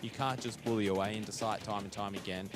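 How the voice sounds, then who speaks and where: A man's voice: lowish voice, fairly even intonation, quick pace, over music. Chatty young man commentating esports. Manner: chatty analytical, heavy fillers, teasing banter.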